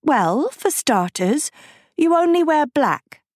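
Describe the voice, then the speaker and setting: A woman voicing a bright, eager teenage girl who is earnest and proud, in a storybook reading. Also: high voice, big pitch swings, takes it slowly, no room sound, clean studio sound, pitched above the performer's own voice, exaggerated voice.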